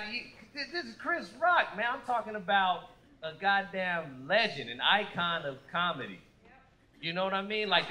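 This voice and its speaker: A man in his thirties doing an animated, profane stand-up set on a club stage, acting out other people's voices as he goes. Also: sits high. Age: 30s. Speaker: stand-up comedian. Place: comedy club stage with a laughing audience. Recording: live club recording with audible room noise.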